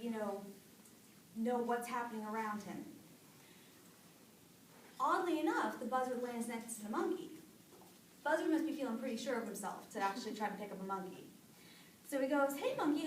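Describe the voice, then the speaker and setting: This young storyteller has a slightly high voice and shares a folk tale aloud with a live audience in a chatty, lively manner, using fillers. The mic is distant in an echoey room, and a faint hiss or hum comes through.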